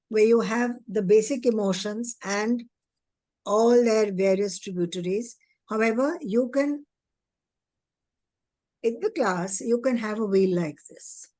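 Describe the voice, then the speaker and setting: An early childhood education trainer, a woman, gives an earnest teacher training talk, asking many rhetorical questions and acting out child and teacher voices. Her medium-pitched voice is a little mellow, and the recording is dry.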